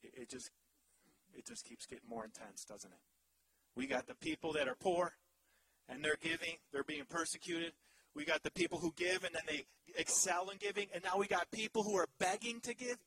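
A male pastor in his thirties preaching a sermon in an animated, humorous way, swinging from loud to hushed. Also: high voice, fairly quick, creaky, a crowd in the background, low-quality recording.

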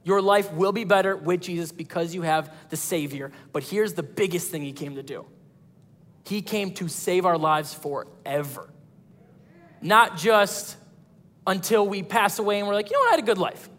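Guy pastor with a high voice preaching, animated, long church hall echo. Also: measured pace. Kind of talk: sermon.

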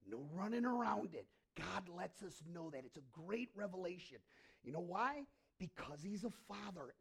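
A male pastor preaching in a lively, conversational way, telling stories and acting out the quotes. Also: high-pitched, vocal fry, husky. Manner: animated, conversational, acts out quotes. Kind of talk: sermon with storytelling.

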